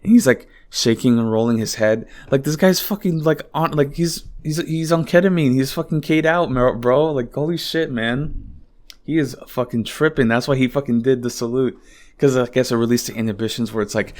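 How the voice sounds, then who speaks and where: A man talking solo on his podcast at home, rambling and exasperated. He swears a lot and leans on filler words, in a voice of middling pitch. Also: normal speed, a little mellow. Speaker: podcast host. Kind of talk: casual solo podcast monologue.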